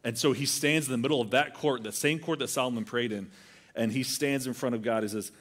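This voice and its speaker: A man preaching a sermon at a middle pitch. He talks in a loose, conversational way and slips into quick voices for the people in his story. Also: fairly bright tone. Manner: conversational, acts out quoted voices. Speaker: pastor.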